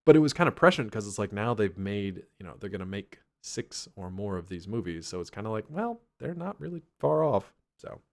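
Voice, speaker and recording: A man's voice: lowish voice, very animated, a little fast, creaky, few pauses, darkish tone. A man co-hosting a podcast, recapping a cartoon with wry, dry asides in casual chat. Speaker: podcast co-host.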